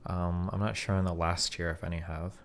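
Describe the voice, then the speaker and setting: A man's voice: sits low, little pitch movement, fairly quick, slight background noise. A man in his thirties, a streamer debating in a casual, blunt, profane way and reading out bill text.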